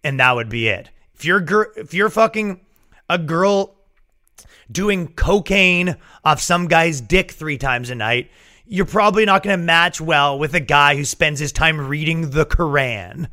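Bright-voiced man ranting crudely. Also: on the high side, measured pace. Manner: profane, animated, riffing. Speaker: podcast host. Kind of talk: casual comedic rant.

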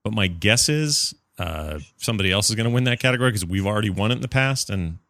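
Chatty bright-voiced male podcast host. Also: lowish voice, lively intonation, fast, no room sound. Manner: chatty, joking, self-deprecating. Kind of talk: casual chat.

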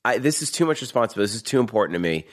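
A man with a Boston accent telling a story in a fast, profane, animated way as a guest in a casual chat. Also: fairly low pitch.

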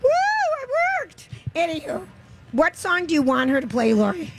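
A woman's voice: high-pitched, expressive, a little fast, creaky, poor audio. A woman co-hosting a radio show, chatting casually and teasing her co-host. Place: fair broadcast booth.

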